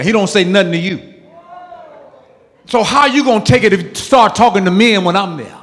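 A man preaching a sermon as pastor, emphatic and call-and-response, with sudden loud peaks. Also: sits high, normal speed, pauses often, long reverb tail.

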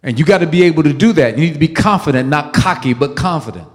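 A man preaching a sermon as pastor, emphatic and call-and-response, with sudden loud peaks. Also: on the high side, expressive, quick pace, big-room sound.

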